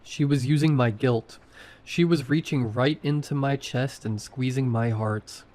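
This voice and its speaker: A man's voice: medium pitch, measured pace, darkish tone. A man narrating a first-person horror story in short, tense sentences.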